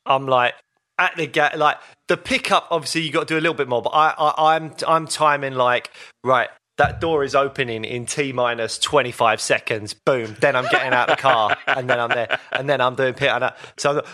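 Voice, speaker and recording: Bright-voiced chatty man. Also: mid-range voice, moderate pace. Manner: chatty, laughing, swears casually. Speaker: podcast co-host. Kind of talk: casual chat. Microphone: video call.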